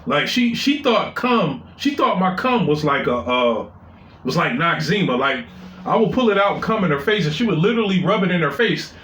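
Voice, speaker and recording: A man's voice: sits high, expressive, moderate pace, fairly bright tone, slight background noise. Profane, rambling male storyteller, echoey room. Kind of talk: casual personal storytelling.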